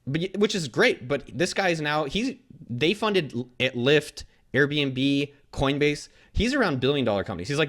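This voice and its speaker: A man's voice: on the high side, animated, fairly bright tone. A man talking as a guest in a casual interview, blunt and swearing freely, acting out what others said to him. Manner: blunt, fast, swears freely, acts out quotes. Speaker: guest entrepreneur.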